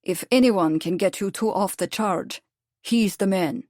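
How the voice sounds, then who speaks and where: A man's voice: high voice, a little slow, a little mellow, no echo, studio quality. A woman voicing an earnest, apologetic Russian anarchist man with a Slavic accent in an audiobook.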